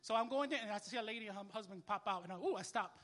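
A young man preaching a sermon as a minister, telling a story in casual, animated street talk. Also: high-pitched, very fast, in a large hall.

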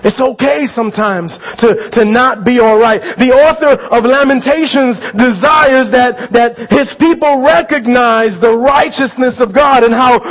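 Male pastor, sermon, very high voice, earnest, conversational, repeats phrases, slightly muffled lo-fi sound. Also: a little slow, hardly any pauses. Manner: earnest, conversational, checks in with the congregation; repeats and restarts phrases, builds to shouted pleas.

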